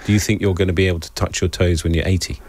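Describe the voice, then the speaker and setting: A man's voice: low voice, fairly even intonation, very fast, darkish tone, no echo. A male radio presenter talking casually, chatty and self-deprecating, often repeating words as he goes.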